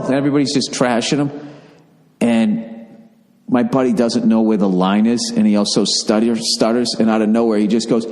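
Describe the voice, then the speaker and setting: A man's voice: lowish voice, fairly even intonation, a little fast, darkish tone, long reverb tail. A middle-aged man hosting a podcast, rambling casually and swearing as he reads out listener requests. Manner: rambling, profane, reading listener requests aloud. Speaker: podcast host.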